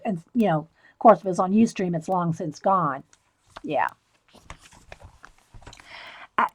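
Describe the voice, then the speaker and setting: A woman with a slightly high voice reads aloud from an art book on a casual livestream. She breaks off for chatty asides and easy laughs. The sound is close and dry, with no room echo. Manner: chatty, self-interrupting, laughs easily. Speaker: artist showing art books on a livestream.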